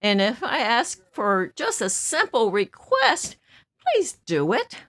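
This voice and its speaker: A woman's voice: a little high, huge pitch swings, slow pace, fairly bright tone, dry recording. Blunt, stern woman in her seventies. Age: 70s. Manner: blunt, stern and outspoken, laughs between remarks. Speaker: vlogger. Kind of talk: casual venting monologue.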